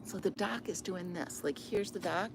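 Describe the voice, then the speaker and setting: A woman's voice: lowish voice, moderate pace, gravelly. A woman chatting casually outdoors by a river into a phone, amused and often dropping to a near whisper. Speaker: vlogger. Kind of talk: casual chat. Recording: outdoor recording with loud river noise. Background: flowing river.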